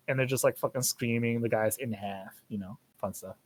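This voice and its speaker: A young man hosts a loose, casual podcast conversation, rambling from one thought to the next and swearing freely. His voice sits at an ordinary middle pitch. The sound is dry and close, with no room echo. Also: a little fast. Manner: rambling, profane, animated. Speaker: podcast host. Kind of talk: casual chat.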